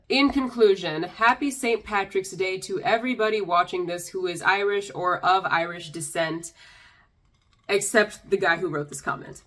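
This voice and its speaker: A woman's voice: mid-range voice, a bit bright. Sarcastic young woman reading comments. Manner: sarcastic, exasperated. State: tipsy. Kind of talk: casual commentary.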